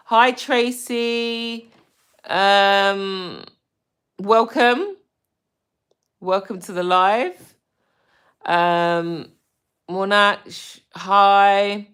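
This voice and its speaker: A woman from the UK hosting a casual live stream, greeting viewers with lots of ums and gushing when she gets excited. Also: mid-range voice, clear, resonant tone. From United Kingdom. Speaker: livestream host.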